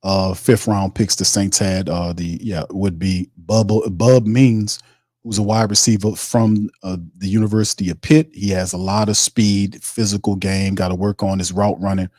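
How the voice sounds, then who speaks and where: A man's voice: low-pitched, fairly even intonation, moderate pace, darkish tone, no echo, clean studio sound. A man hosting a live sports stream, casually reading viewer comments aloud and breaking down draft picks in slangy chat. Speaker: host.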